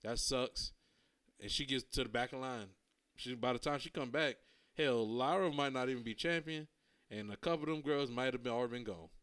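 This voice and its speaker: A man's voice: medium pitch, brisk, fairly bright tone, smooth. Male podcast co-host, casual and rambling, mid-range voice, easygoing slang. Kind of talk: casual wrestling chat.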